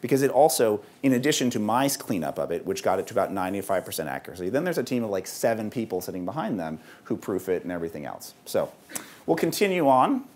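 A man giving a conversational public talk to an audience of parents, speaking in a lively way with frequent ums. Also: fairly low pitch, fast. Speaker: author and speaker at a parents' event. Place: event hall.

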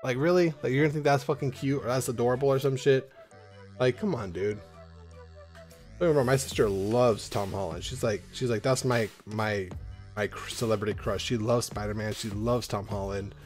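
A man chatting casually at home while he opens card packs, with a medium-pitched voice. He wanders from topic to topic, swears often and sometimes lets out loud whoops. Faint music plays behind him. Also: fairly quick. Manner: rambling, swears a lot, bursts into loud excited whoops. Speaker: YouTuber opening trading card packs. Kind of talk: casual rambling vlog. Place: at home in an apartment.

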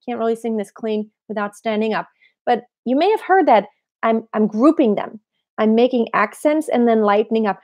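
Woman, vocal coach, slightly high voice, explanatory, answers viewer questions. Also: animated, moderate pace, muffled recording. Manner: explanatory, demonstrates with sung snippets.

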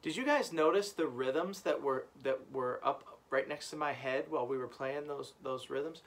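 A man with a medium-pitched voice speaks at a moderate pace while teaching a children's music lesson. He encourages the class and chants rhythm syllables, and the recording carries loud background noise.

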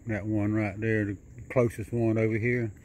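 A man filming outdoors at night, talking low and coaxing in a soft sing-song call that rises in pitch. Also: level tone, normal speed, slight background noise. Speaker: wildlife video maker. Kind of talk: hushed narration while filming animals. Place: outdoors at night near a house.

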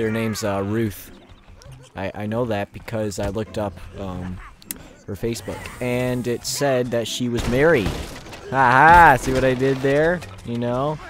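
A man with a hoarse, gravelly voice casually commentating a video game, crude and joking. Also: mid-range voice, background noise. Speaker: gamer. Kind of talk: casual let's play commentary.

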